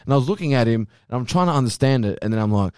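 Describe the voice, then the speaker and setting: A man's voice: mid-range voice, expressive, racing, darkish tone, clear, resonant tone, dry recording, clean studio sound. A young man, telling a story with lots of swearing in a casual podcast chat.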